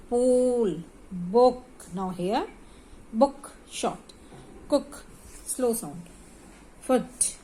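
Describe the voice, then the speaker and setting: A woman's voice: medium pitch, warm tone, long reverb tail, a little hiss or hum. A woman with an Indian accent teaching phonics to young children, spelling words out letter by letter and stretching the vowel sounds. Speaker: kindergarten teacher.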